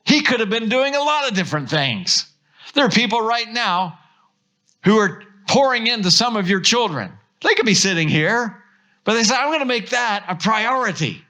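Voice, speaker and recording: A pastor with an American accent preaching a sermon, telling stories with lively acted-out quotes. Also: male voice, high-pitched, normal speed. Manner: animated storytelling, acts out quotes.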